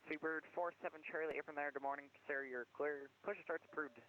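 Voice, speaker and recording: A man working as an air traffic controller, giving brisk, courteous radio instructions. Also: on the high side, steady tone, phone-quality sound. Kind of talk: radio phraseology.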